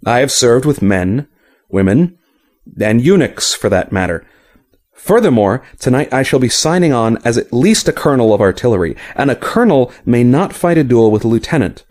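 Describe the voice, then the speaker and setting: A formal, tired knight with measured, polite speech, read by a man. His pitch moves freely as he apologizes and answers with reserve in a fantasy storybook. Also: big pitch swings, darkish tone, close to an everyday voice. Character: courteous weary knight, formal and restrained.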